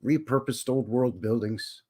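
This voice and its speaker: A man's voice: mid-range voice, unhurried, mellow. A middle-aged man with a Western Canadian accent, hosting a casual live stream and greeting viewers in a folksy way.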